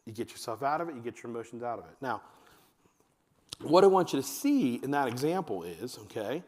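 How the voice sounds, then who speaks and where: Animated man speaking to a church hall. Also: fairly quick. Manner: animated storytelling, acts out his kids in a high voice. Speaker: men's ministry speaker. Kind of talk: church talk to a room of fathers. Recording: long hall reverb.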